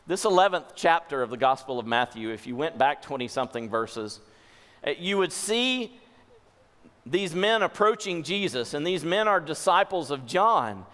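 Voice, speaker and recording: A male pastor giving a sermon, going from hushed, gentle lines to forceful ones as he voices scripture. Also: fairly high pitch, very animated, moderate pace. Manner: shifts between soft hushed tones and forceful lines when voicing scripture. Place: church sanctuary. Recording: long hall reverb.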